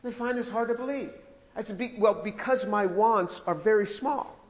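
A man with a somewhat high voice preaches a sermon, reading scripture slowly and deliberately and restarting phrases as he goes. The recording sounds muffled and lo-fi. His words ring out with a long reverb, as in a large hall.

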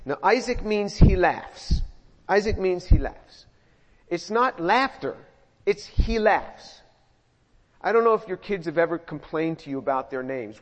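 A fairly high-voiced middle-aged man preaching verse by verse, talking like he's chatting with the congregation and repeating himself as he thinks. The sound is muffled and carries a long hall reverb. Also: measured pace, pauses often. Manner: conversational, repeats words, animated asides. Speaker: pastor. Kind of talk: verse-by-verse sermon.

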